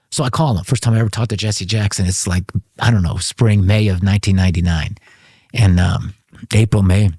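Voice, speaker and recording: A man with a husky, slightly breathy voice talks as an interview guest, spinning a long anecdote with plenty of energy. He stumbles, restarts, and breaks into laughter as he goes. The sound is close and dry. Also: on the low side, a little fast, no room sound. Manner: animated anecdote-telling with frequent restarts and laughter; speaks the language of his father's homeland. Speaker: interview guest, former congressman. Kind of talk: storytelling in a conversational interview.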